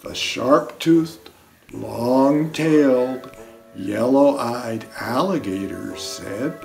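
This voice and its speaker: Man, author reading a children's story, slow unhurried pace, saxophone playing behind. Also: mid-range voice, gravelly. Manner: slow, expressive, doing character lines. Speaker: author reading his picture book. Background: saxophone music.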